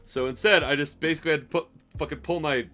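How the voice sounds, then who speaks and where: Bright-voiced man swearing through a story. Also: a little high, quick pace, soft background music. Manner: profane, rambling, exasperated. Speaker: streamer telling stories. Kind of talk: casual storytelling.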